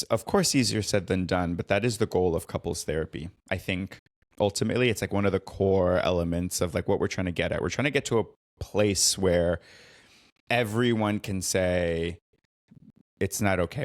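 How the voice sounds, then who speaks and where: A man with a lowish voice talks slowly through a solo podcast, speaking as a therapist. He is reflective and earnest and comes back to his main point again and again. The sound is dry and close on the mic. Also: no echo. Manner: reflective, earnest, repeats key phrases. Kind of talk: solo podcast recap and commentary.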